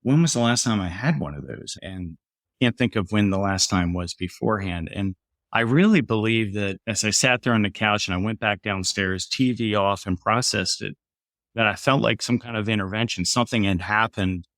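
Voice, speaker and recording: A man's voice: lowish voice, moderate pace, fairly bright tone, no room sound, studio quality. A middle-aged man, a podcast guest, earnestly telling a personal story and lifting his voice when quoting others.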